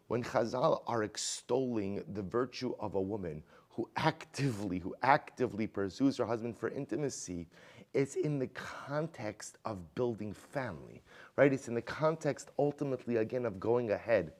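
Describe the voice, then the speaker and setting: Animated rabbi teaching a Talmud class. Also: male voice, lowish voice, moderate pace. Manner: conversational, many rhetorical "right?" questions and restarts; mixes Hebrew and Aramaic terms into explanation.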